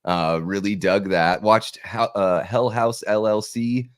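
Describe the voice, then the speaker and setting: A man with a very low voice joins a live-stream chat as a guest. He talks in a laid-back way, leaning on lots of fillers and laughing easily. The sound is dry and close, with no room echo. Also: steady tone, slow.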